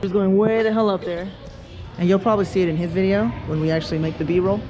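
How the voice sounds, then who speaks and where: A man's voice: high voice, steady tone, dull audio. A young man filming a casual behind-the-scenes vlog, teasing and slangy. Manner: teasing, fast, slangy banter. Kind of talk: casual joking vlog narration. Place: museum and car. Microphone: action camera. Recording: handheld action camera with background noise.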